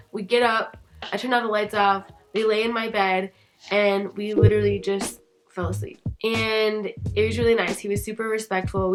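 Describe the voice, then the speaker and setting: A young woman vlogger tells a story in a candid, chatty way, sprinkling in plenty of swearing. Her voice sits at an ordinary middle pitch for a woman, and music plays clearly behind her. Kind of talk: casual storytime vlog.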